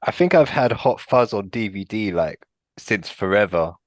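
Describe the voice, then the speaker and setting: A man in a casual podcast chat, speaking in a laid-back, unhurried way. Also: on the low side, expressive, no room sound. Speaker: podcast co-host.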